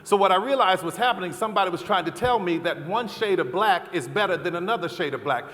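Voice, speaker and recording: A middle-aged man giving a fervent, preacherly convention speech, building to loud repeated calls. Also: sits high, expressive, fast. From American South. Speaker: keynote speaker. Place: large convention hall. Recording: long hall reverb.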